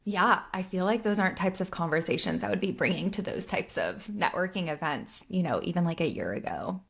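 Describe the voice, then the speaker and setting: A young adult woman co-hosting a podcast in casual chat, talking in a relaxed way with many fillers and laughing at her own stories. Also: fairly low pitch, a little fast, gravelly, slightly rough. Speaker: podcast co-host.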